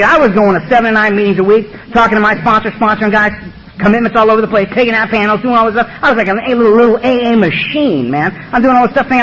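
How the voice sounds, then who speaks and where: Fast-talking, blunt, high-voiced man. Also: fairly bright tone, slight background noise. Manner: blunt, streetwise and emphatic. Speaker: recovery meeting speaker. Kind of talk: personal testimony talk. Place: meeting room. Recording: dull lo-fi recording.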